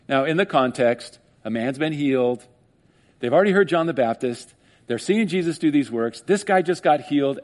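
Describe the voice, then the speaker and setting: A man preaching a sermon, animated, acting out skeptics in mock voices and laughing often. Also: medium pitch. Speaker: pastor.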